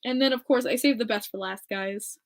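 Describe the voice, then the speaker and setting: A woman hosting her own podcast in casual, excited chat, gushing and laughing often. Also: on the high side, a little fast. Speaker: podcast host.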